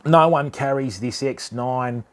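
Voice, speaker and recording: A man's voice: medium pitch, measured pace. A laid-back Australian man with a slangy manner, chatting casually to live-stream viewers while showing fishing tackle. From Western Australia. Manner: rambling, with many fillers.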